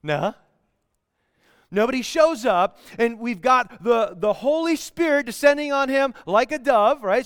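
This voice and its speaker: Casual pastor guy, high clear voice, chatty sermon, close mic but hall ringing behind. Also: fairly bright tone. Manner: conversational, asks the room for responses. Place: church sanctuary.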